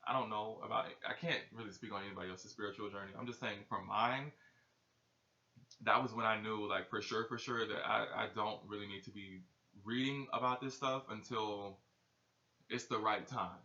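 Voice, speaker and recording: A man's voice: fairly low pitch, steady tone, moderate pace, pushed and bright. A man chatting casually in a vlog about his spiritual journey, loose and slangy, with lots of swearing and filler. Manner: loose, profane, slangy storytelling. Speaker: spiritual vlogger. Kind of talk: casual talking-head vlog. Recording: echoey room, dull lo-fi sound.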